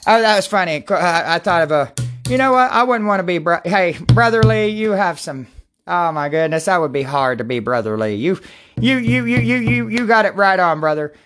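A woman leading prayer and Bible talk at home on a livestream, excitable and rambling, repeating herself and bursting out loud. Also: lowish voice, brisk, faint music behind. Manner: repetitive, excitable, rambling, prone to outbursts. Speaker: self-styled preacher leading prayer and Bible study.

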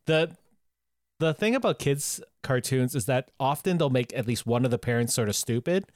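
A man's voice: medium pitch, expressive, moderate pace, a little mellow, no room sound, clean studio sound. A man co-hosting a podcast, talking casually and enthusiastically, sometimes humming tunes. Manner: enthusiastic, playful, hums theme tunes. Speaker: podcast co-host. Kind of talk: casual chat.

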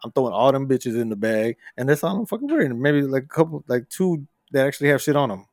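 A man's voice: medium pitch, quick pace, dry recording, clean studio sound. A man co-hosting a podcast, telling stories in casual, profane chat. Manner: profane, animated storyteller. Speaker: podcast co-host.

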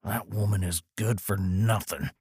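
A man voicing a cranky older husband with a bad hip, who yells, curses and mutters under his breath. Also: high-pitched, wildly swooping pitch, very fast, husky, no room sound, studio quality, pitched above the performer's own voice, heavily acted. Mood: muttering. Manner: yelling, cursing, muttering.

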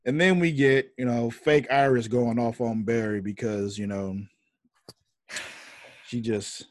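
A man's voice: mid-range voice, no echo, clean studio sound. A man co-hosting a podcast in casual chat, laid-back and agreeable, swearing freely. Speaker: podcast co-host.

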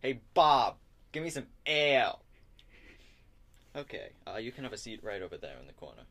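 A man voicing a loud, friendly male tavern barkeeper in a tabletop game, booming and hearty. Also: sing-song, very fast, creaky, full character voice.

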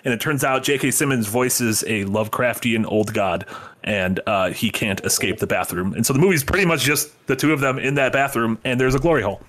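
Guy on a podcast going through a movie plot, keeps restarting his sentences, mid-pitch voice. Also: fairly quick, fairly bright tone. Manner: retells plots with stumbling restarts and laughs. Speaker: podcast co-host. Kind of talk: casual podcast chat.

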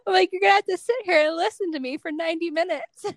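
A woman's voice: very high voice, fairly even intonation, fast talker, no echo. A woman hosting a podcast, chatty and self-deprecating, giggling often. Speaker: podcast host. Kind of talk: casual podcast conversation.

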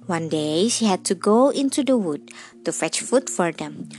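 A woman storyteller reading a fairy tale aloud in a gentle, measured way. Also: lowish voice, expressive.

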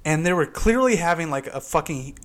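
A man's voice: on the high side, animated, fairly quick. A young man hosting a podcast, telling a heated story full of cursing. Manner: profane, heated retelling with loud quoted outbursts. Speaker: podcast host. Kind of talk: casual chat, storytelling. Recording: poor laptop recording.

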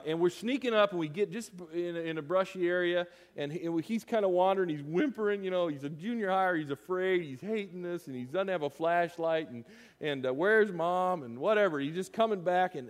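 A man preaching to his congregation in a somewhat high voice, swinging between loud excited bursts and quiet asides. The long reverb of a church hall trails after his words. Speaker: pastor. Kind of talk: storytelling sermon. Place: church sanctuary.

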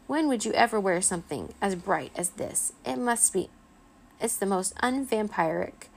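A woman's voice: animated, moderate pace, creaky, a little hiss or hum. A woman voicing a stern vampire mother who scolds and screeches, in a children's storybook reading. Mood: scolding. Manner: shrill, scolding, theatrical.

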